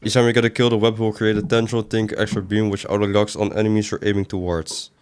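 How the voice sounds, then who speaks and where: A man's voice: lowish voice, little pitch movement, quick pace, darkish tone, clear, resonant tone. A man doing casual livestream commentary as a game streamer, reading chat aloud and answering it in a rambling way with sudden exasperated outbursts.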